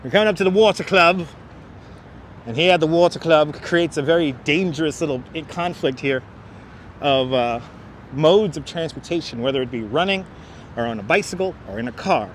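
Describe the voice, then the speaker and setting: A New York man walks a city waterfront, chatting and joking with his livestream viewers. His voice sits a little high. A clip-on mic catches him up close, with faint traffic noise outdoors. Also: normal speed. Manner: chatty, jokey, addresses the chat. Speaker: livestream host. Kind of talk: live walking tour commentary. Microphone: wireless clip-on mic.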